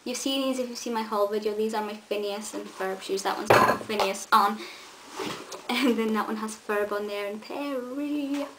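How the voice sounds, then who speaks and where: At a moderate pace and in a mid-range voice, a young vlogger talks keenly to the camera in a casual chat. She says "um" often and keeps restarting sentences, and faint hiss runs under the audio.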